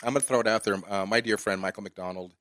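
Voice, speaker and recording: A man's voice: lowish voice, fast talker, fairly bright tone, no echo. A man hosting a podcast, ranting with passion and swearing in a casual interview chat. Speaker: podcast host.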